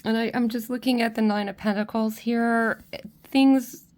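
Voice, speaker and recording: A woman's voice: on the high side, steady tone, normal speed. Tearful woman giving a tarot reading. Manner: gentle, emotional, many restarts and "okay?" check-ins. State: tearful, crying at times. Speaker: tarot reader. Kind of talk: spiritual pick-a-card reading, speaking to viewers.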